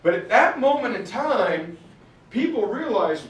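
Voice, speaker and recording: A man's voice: very high voice, sing-song, unhurried, muffled recording. A man giving a storytelling history lecture, acting out the quotes with shifting voices. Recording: roomy far-off mic recording.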